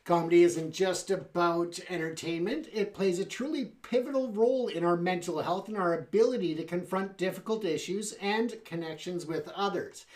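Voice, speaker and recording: A man's voice: high voice, normal speed, few pauses, a little mellow. A man hosting a talk show, speaking conversationally with fillers and friendly asides to the audience. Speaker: show host. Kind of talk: casual talk show monologue.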